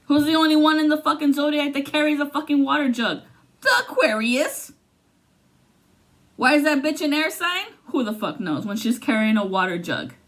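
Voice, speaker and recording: A woman giving a casual, profane tarot reading, swinging between loud outbursts and low muttering. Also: animated, normal speed. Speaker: tarot reader.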